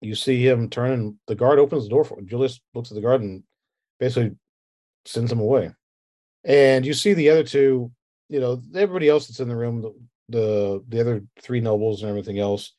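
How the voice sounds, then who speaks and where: A man's voice: mid-range voice, brisk, mellow. A man narrating a tabletop game as game master, rambling casually with fillers like "and everything else.".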